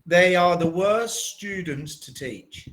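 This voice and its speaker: A man from southeast England with a southern English accent, tutoring English in an online lesson and speaking slowly and plainly. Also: high voice, fairly bright tone, poor audio. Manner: slow, plain, deliberate speech. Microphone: video call.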